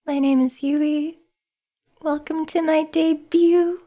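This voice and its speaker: High-voiced, giggly woman streamer. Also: steady tone, slow, dark tone. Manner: giggly, emotional, self-deprecating. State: nervous, hands shaking. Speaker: VTuber streamer. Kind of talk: casual livestream chat.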